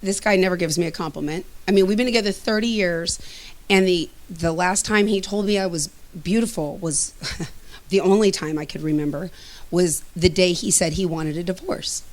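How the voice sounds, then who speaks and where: A middle-aged woman casually telling a personal story as a testimonial, lively, acting out both sides of conversations and laughing often. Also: lowish voice, moderate pace. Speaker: student giving a testimonial.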